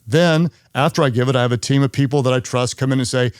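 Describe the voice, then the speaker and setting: A man's voice: medium pitch, fairly even intonation, fast, clean tone, no room sound. A man who is a pastor, hosting a leadership podcast in an earnest way and repeating key phrases for emphasis.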